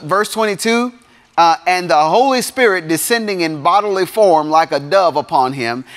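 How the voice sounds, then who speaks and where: A man with a fairly high voice preaches to a youth crowd. He keeps it lively, punching some lines loud and dropping others to near asides. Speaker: youth pastor. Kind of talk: sermon.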